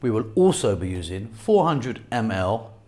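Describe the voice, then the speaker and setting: Very deep-voiced London man teaching a recipe. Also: normal speed. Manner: calm, step-by-step instructions. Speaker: cooking channel host. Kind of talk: recipe demonstration.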